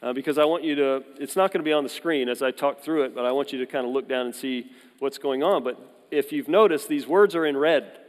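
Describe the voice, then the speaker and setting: A man in his forties preaching to a congregation, telling funny stories in a conversational, jokey way with quick asides. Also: mid-range voice. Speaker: pastor. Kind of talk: sermon with personal stories. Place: church hall. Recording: long hall reverb.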